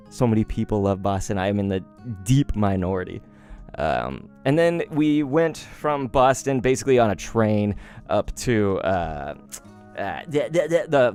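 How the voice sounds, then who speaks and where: Man, thirties, rambling streamer, casual chat, excitable outbursts, faint music behind. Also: on the low side. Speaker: card-opening streamer.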